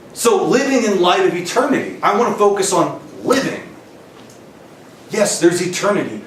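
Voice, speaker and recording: Animated man preaching in an echoey hall. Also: fairly high pitch, a little hiss or hum. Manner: animated, laughs often, asks the crowd questions. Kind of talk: camp sermon. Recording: roomy hall, distant mic, faint ambience.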